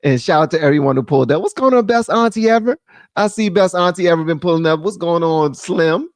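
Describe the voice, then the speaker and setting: Lively laughing American male streamer. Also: fairly high pitch, fairly quick, dry recording. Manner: animated, laughing, jokey. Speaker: live stream host. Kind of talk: casual live-stream commentary.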